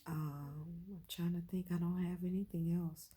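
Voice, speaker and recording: A vlogger talks from the heart in a low, husky voice, keeping a steady tone at a moderate pace. In this emotional personal vlog, she swings from quiet to loud and emphatic and repeats herself.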